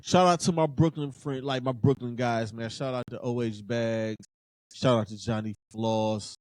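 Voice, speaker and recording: A man's voice: medium pitch, fairly even intonation, normal speed, a little mellow, dry recording. A man in his thirties hosting a sports podcast in casual talk, fired up and emphatic, repeating phrases for effect.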